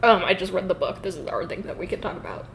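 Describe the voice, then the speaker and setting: A woman's voice: lowish voice, fast talker, vocal fry, slight background noise, low-quality recording. A woman co-hosting a podcast, talking in chatty casual conversation, swearing freely and laughing often. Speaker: podcast co-host. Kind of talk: casual chat.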